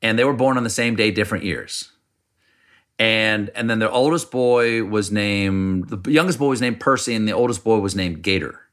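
A middle-aged man from South Carolina, a podcast guest telling wry, animated stories. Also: on the low side, normal speed. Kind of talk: casual conversation, storytelling.

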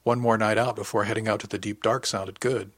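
A man narrating a first-person audiobook in an even, wry storytelling manner. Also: lowish voice, brisk, dry recording.

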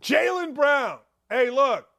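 A man's voice: very high voice, lively intonation, vocal fry, bright, forceful tone. Ranting sarcastic sports talk man. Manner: sarcastic, ranting, drawn-out emphatic delivery. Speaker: sports talk show host. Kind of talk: opinionated sports talk monologue.

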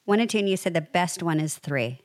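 A woman in casual chat, telling stories in an animated, rambling way. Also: fairly low pitch, a little fast, no echo, clean studio sound.

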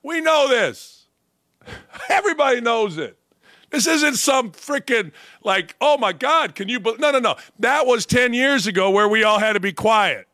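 A man's voice: very high-pitched, animated, unhurried, sharp tone, dry recording, studio quality. A man hosting a sports talk show, ranting bluntly with profanity, mocking asides and sudden emphatic outbursts. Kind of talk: opinionated sports talk rant.

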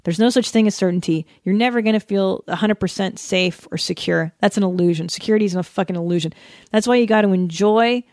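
Animated, profane woman podcast host. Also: medium pitch, fast, no echo, clean studio sound. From United States. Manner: animated, profane, laughing often. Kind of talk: casual solo podcast rant.

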